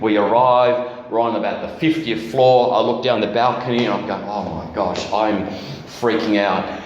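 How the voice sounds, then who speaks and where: A man's voice: lowish voice, fairly even intonation, normal speed, dull audio. Man preaching in an echoey hall. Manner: candid storytelling with self-deprecating humor. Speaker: guest preacher. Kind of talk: personal testimony sermon. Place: church hall.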